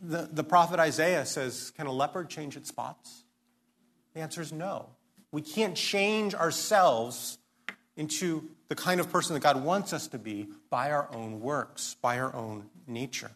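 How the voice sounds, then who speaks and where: A man's voice: on the high side, normal speed, a bit bright. A man preaching a sermon, earnest and emphatic, often posing questions and restarting his sentences. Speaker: pastor.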